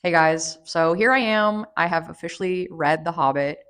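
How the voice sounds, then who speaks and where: A woman's voice: fairly low pitch, moderate pace, a bit bright, clean tone. A woman chatting casually through a book review vlog, rambling with lots of fillers and restarts. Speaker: book vlogger.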